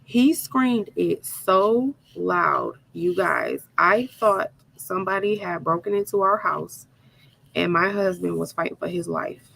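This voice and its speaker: A woman hosting a crafting video, telling an animated, dramatic story straight to her viewers while she works. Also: fairly low pitch, takes it slowly, gravelly, rough recording. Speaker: crafting channel host.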